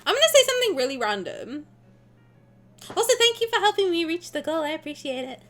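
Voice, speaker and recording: A young woman streamer reacting to a game with excitable, casual commentary. She swears and laughs often. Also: extremely high pitch, quick pace, soft background music.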